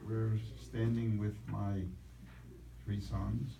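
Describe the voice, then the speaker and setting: A low, gravelly male voice asks a question from the audience, musing aloud and searching for his words. He sits far from the microphone in an echoey room, with faint noise underneath. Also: flat delivery, very slow. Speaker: audience member asking a question.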